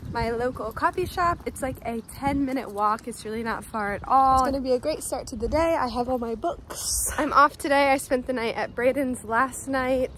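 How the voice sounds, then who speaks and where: A woman's voice: high voice, normal speed, pauses often, fairly bright tone. A young American woman in her twenties, talking to her phone camera in a casual vlog, chatty and full of fillers. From United States. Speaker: vlogger. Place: outdoors on city streets. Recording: noisy street background.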